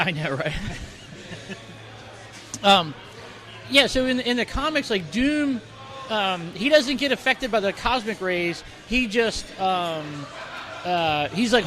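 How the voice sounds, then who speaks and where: A man's voice: high-pitched, expressive, takes it slowly, long pauses, a bit bright, soft background music. A man co-hosting a casual podcast, rambling with lots of fillers and restarts, recorded in the corner of a bar. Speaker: podcast co-host. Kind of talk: casual chat.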